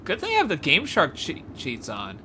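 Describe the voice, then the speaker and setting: A woman gives excited gameplay commentary, often gasping and exclaiming as she explores. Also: sits low, moderate pace, slight background noise. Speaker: gameplay video creator.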